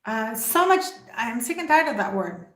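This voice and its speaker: A woman's voice: a little high, big pitch swings, moderate pace, fairly bright tone. A woman hosting a livestream, giving opinionated commentary straight to her viewers and firing off rhetorical questions. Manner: emphatic, full of rhetorical questions. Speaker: livestream host. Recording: roomy echo.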